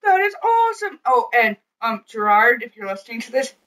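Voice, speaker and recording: A woman co-hosting a casual chat, playful and excitable, teasing her husband. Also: fairly high pitch, fairly quick, recorded from a distance. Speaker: co-host.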